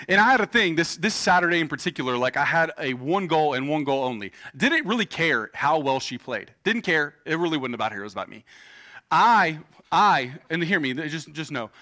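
On a church stage before a congregation, a pastor in his thirties preaches a sermon casually and jokingly, telling personal stories. His voice is on the high side with a sharp tone.

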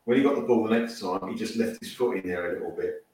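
A man's voice: lowish voice, fast, darkish tone. A man on a football podcast, opinionated and indignant, his voice picked up from a distance. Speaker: podcast panelist. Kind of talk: casual chat. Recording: distant echoey mic.

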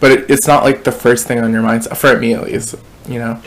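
A woman co-hosting a casual chat, cutting in with quick teasing remarks. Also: a bass voice, steady tone, noisy background.

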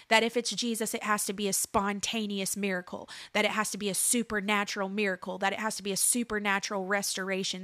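A woman's voice: mid-range voice, a bit bright, no echo. A woman in her thirties giving an earnest preaching testimony, building emphasis through repeated phrases. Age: 30s. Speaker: speaker sharing a faith testimony.

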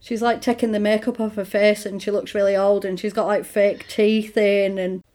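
A woman's voice: medium pitch, normal speed. A woman in casual chat, retelling a film's plot and acting out the characters' lines. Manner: animated, acts out characters' lines in quoted voices.

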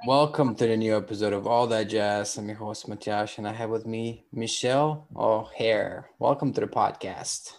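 A man's voice: fairly low pitch, moderate pace, few pauses. A man hosting a podcast, introducing and interviewing a guest in a loose, rambling, chatty way. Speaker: podcast host. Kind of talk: casual interview chat.

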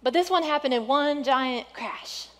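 A woman pastor preaching a sermon in a church, earnest and exhorting, often dropping to a soft hush. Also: sits high, unhurried. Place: church sanctuary.

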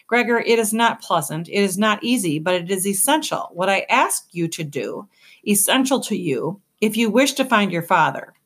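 A woman's voice: mid-range voice, expressive, a bit bright, breathy edge. A woman reading the lines of a solemn, formal elderly male leader in a storybook. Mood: grave. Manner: grave, formal, deliberate.

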